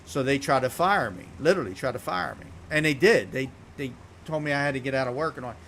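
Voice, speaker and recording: A man casually telling a long story while streaming a game, talking bluntly and swearing freely in an animated, unfiltered way. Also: mid-range voice, quick pace, a little hiss or hum.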